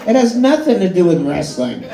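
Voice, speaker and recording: A man performing stand-up, his voice a little high and full of animated swings as he tells a profane story. The sound is an echoey bar room, and a big live crowd laughs loudly under him. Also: brisk, vocal fry, noisy background. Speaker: stand-up comedian. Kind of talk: stand-up comedy set. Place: live comedy show at a bar and grill. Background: audience laughing.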